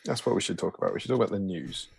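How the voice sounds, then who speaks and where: A man's voice: low-pitched, racing, creaky, slightly rough. A man co-hosting a casual live stream, throwing in dry, teasing quips. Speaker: co-host of a tabletop wargaming stream.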